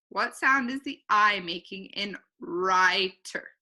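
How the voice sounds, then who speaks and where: Slow, bright-voiced woman teaching phonics. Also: medium pitch. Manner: slow, clear teacher talk, repeating each word twice. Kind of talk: recorded online phonics lesson.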